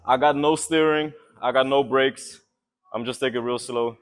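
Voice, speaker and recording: A young man vlogging in an excited, loose, rambling way, laughing often and cheering. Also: medium pitch, moderate pace. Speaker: maker vlogger. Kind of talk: excited casual vlog.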